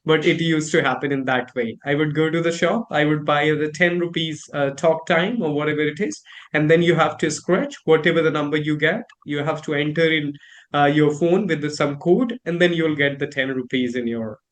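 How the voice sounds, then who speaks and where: A man's voice: fairly high pitch, fairly even intonation, normal speed. A young man with an Indian English accent, chatting through a pronunciation lesson in a rambling, filler-heavy way. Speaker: host learning pronunciation. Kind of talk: casual conversational lesson.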